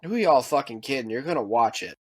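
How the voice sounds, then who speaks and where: An American man co-hosting a podcast, ranting casually and profanely, mimicking other people in quick asides. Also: mid-range voice, breathy edge. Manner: profane, animated ranting with mock quoted voices. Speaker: podcast co-host. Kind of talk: casual chat.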